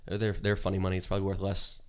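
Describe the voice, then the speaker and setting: Low-voiced profane podcast co-host man. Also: monotone, fast. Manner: profane, rambling storyteller who laughs often. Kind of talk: casual chat.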